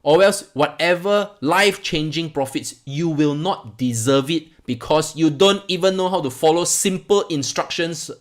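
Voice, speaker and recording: A man talking straight to his viewers in a heated, emphatic rant. His voice sits a little high for a man, and he hammers points home by repeating words as he swings from calm explaining to agitated outbursts. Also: moderate pace, hardly any pauses. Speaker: crypto channel host.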